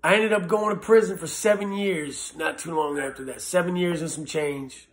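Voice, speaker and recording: A man who served prison time gives personal testimony about addiction, talking in an earnest, halting and blunt way with some swearing. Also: a little high. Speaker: former prisoner sharing recovery story.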